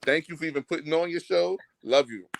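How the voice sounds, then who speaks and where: A man's voice: a little high, a little fast, creaky, dry recording. A man with a New York accent, a guest calling in to a casual chat, joking and slangy. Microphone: phone or call audio, camera off.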